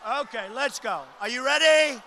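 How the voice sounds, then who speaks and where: A man giving a loud, emphatic rally speech to a big crowd, repeating short phrases. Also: moderate pace, slight background noise. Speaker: political candidate at a rally. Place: large arena rally. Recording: booming reverb of a big arena.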